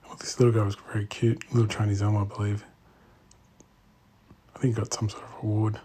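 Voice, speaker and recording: Man, low voice, husky, quiet murmured walk-through commentary, half-whispered asides, indoor room. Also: level tone, a little fast. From Australia. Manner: quiet, murmured remarks, often drops to a whisper. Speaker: bonsai channel host.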